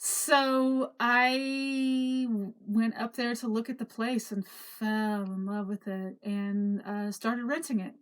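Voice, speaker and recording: A woman's voice: a little high, fairly even intonation, slow pace. A middle-aged woman casually recounting her own life story, rambling with fillers and restarts. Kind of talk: casual spoken memoir.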